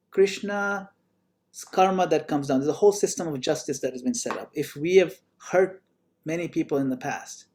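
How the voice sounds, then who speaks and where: A man's voice: a little high, a little mellow. A man teaching in an online class, telling a story in a conversational way with fillers. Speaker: spiritual teacher.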